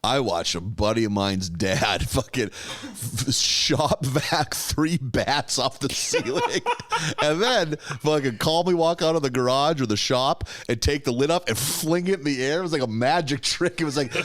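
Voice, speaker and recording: A man's voice: a little high, animated, a little slow, fairly bright tone, dry recording. A man co-hosting a podcast, chatting casually, teasing his friend and laughing a lot. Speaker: podcast co-host. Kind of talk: casual chat.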